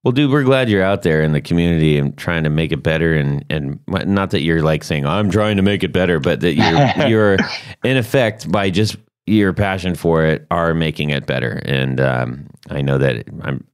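A man with a very deep voice hosts a laid-back podcast conversation. He tells stories animatedly and laughs easily. The sound is dry and close, with no room echo. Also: moderate pace, clean tone. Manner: animated storyteller, laughs often. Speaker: podcast host. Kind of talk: casual podcast chat.

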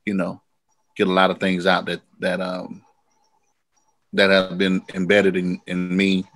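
A man who is a singer-songwriter guest, telling animated, rambling stories in a casual interview. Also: deep voice, unhurried, dry recording. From United States.

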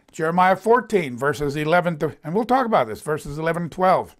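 A man's voice: on the high side, very animated, brisk, fairly bright tone. A man teaching a sermon, reading scripture aloud and commenting on it, voicing the quoted lines with emphasis. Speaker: Bible teacher. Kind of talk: conversational sermon. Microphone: presenting in front of a board.

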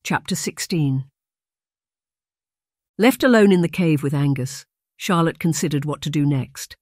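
Measured audiobook narrator, dry sound. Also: mid-range voice, a little mellow, no echo. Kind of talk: scripted narration.

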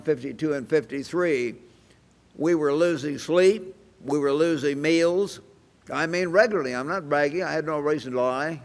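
Gravelly old man preaching in a hall. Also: fairly high pitch. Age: 80s. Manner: folksy anecdotal storytelling with chuckles. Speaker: church evangelist preaching. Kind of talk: sermon. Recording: reverberant hall sound.

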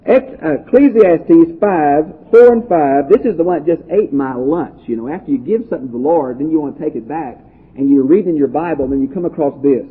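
A folksy male Bible teacher with a husky, slightly higher voice who reads scripture aloud and then talks it through in an easy, homespun way. The sound is thin and tinny, like it came down a phone line. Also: lively intonation, a little fast. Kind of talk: folksy Bible study lecture.

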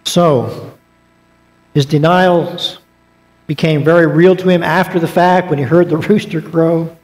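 A man's voice: fairly high pitch, steady tone, a little slow, darkish tone. A man teaching a Bible class in a church auditorium, conversational, with joking asides, reading scripture aloud. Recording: long reverb of a church auditorium.

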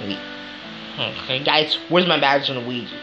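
A speaker in playful banter, complaining and accusing the others in an animated way. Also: mid-range voice, fairly quick, muffled recording, music in the background. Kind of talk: playful banter over toys.

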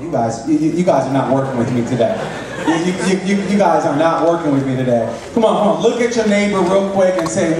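Male pastor, slightly high voice, chatty halting sermon, booming echoey sanctuary, mic set back. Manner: conversational, halting with many restarts and fillers. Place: church sanctuary. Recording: very echoey room, mic at a distance.

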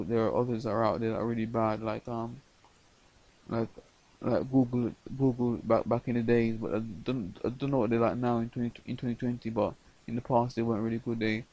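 A man's voice: mid-range voice, a little mellow, rough recording. A man rambling through a late-night video diary, stumbling over words with many repeats and restarts. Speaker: vlogger.

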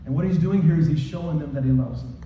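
A male pastor preaching a sermon with emphatic repetition, moving from raised, shouted lines to soft ones. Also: on the high side, quick pace, a little hiss or hum. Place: church hall. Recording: echoey hall from far off, dull.

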